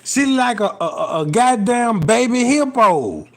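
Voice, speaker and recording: A young man with a very high, expressive, somewhat bright voice, speaking at a measured pace. Rambling through a crude comic tale full of profanity, he chuckles at his own jokes and constantly checks in with "you know what I'm talking about."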